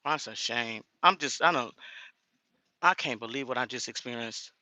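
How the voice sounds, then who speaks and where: A woman's voice: a bass voice, moderate pace, pushed and bright, no room sound. Blunt woman ranting to camera. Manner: indignant, blunt, addresses viewers as y'all. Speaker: vlogger. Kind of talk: casual vlog talk to viewers.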